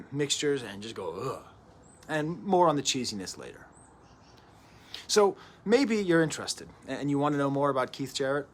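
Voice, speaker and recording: A man's voice: mid-range voice, a little hiss or hum. Chatty man reviewing a record. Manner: chatty and digressive, with frequent restarts and asides. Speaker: host of a music review show. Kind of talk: casual spoken record review. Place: at home early in the morning.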